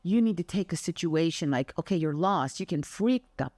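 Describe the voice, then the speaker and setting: A woman's voice: on the low side, normal speed, no room sound. An older woman who teaches Pilates, giving an emphatic motivational monologue and acting out her anecdotes. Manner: emphatic and expressive, acts out anecdotes. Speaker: Pilates instructor.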